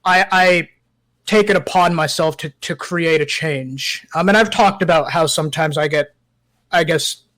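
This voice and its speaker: A man with a fairly high voice speaks as a guest on a casual podcast. He talks in a thoughtful, hesitant way and fills gaps with ums. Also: normal speed, fairly bright tone. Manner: reflective, hesitant, many ums.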